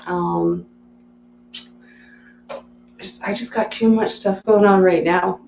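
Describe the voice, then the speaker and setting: A chatty woman hosts a live stream and answers viewer comments in easygoing talk, often breaking into laughter. Her voice has a gravelly, fry-tinged texture. The sound is roomy and a bit dull, with a faint hum underneath. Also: medium pitch, dark tone. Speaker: live streamer reading chat. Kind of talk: casual live-stream chat.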